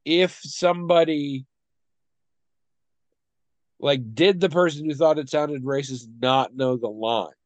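A man's voice: on the high side, slow pace, pauses often, no echo. A man co-hosting a casual discussion, thoughtful and hesitant, often trailing off.

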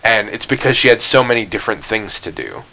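Rambling sarcastic podcast host, lively voice. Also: male voice, fairly low pitch, fast talker, low-quality recording. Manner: rambling, sarcastic, swears freely, laughs at own jokes. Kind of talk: casual podcast chat.

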